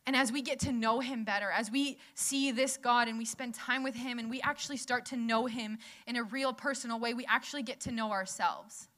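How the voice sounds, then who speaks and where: Woman preacher, young, conversational, laughs between points, bright tone. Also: on the high side, fairly even intonation, fairly quick, hardly any pauses. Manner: chatty, laughs often, asks the audience questions. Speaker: speaker at a church gathering. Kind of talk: casual sermon.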